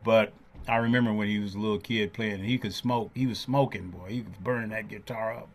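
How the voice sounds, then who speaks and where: A man's voice: lowish voice, fairly even intonation, brisk. Older man, podcast host, storyteller, acts out quoted voices, chatty. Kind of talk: storytelling interview chat.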